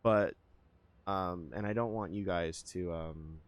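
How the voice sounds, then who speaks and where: A man's voice: deep voice, slow. A man streaming a game and chatting with his viewers, rambling and hesitant with lots of fillers as he thinks aloud. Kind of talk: casual live-stream chat with viewers.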